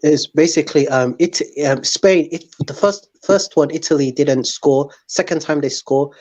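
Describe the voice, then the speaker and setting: A man chatting on a stream, speaking haltingly with fillers and restarts. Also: fairly high pitch, darkish tone. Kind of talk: casual chat on a live stream.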